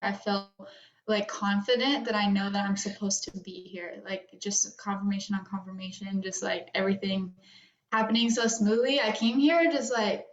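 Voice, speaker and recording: A young woman speaking as a guest in a heartfelt chat, her voice close to tears and full of fillers and soft laughs. The room rings with echo, and the sound is dull and lo-fi. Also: mid-range voice, steady tone, moderate pace. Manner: rambling with many fillers, tearful laughs. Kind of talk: emotional personal conversation.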